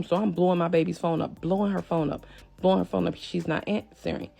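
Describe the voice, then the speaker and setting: A woman telling a personal family story to her viewers in a casual, animated way, often speaking to them directly as y'all. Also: fairly low pitch, fast, creaky, slightly rough.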